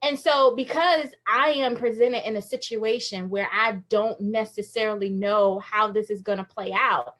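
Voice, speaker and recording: A woman in her thirties gives a candid, emotional inspirational talk over a phone livestream, laughing often as she confides. Her medium-pitched voice is fairly bright, moving at a moderate pace with few pauses.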